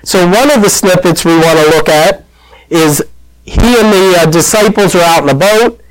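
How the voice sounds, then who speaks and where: A man's voice: high voice, normal speed, dry recording, rough recording. Chatty male preacher, dry sound. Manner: chatty, storytelling, plain-spoken. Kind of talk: conversational sermon.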